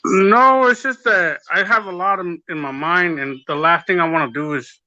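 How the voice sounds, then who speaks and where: A man's voice: sits high, moderate pace, bright, forceful tone, dull audio. A man, a guest in a casual chat, venting bluntly about people who annoy him.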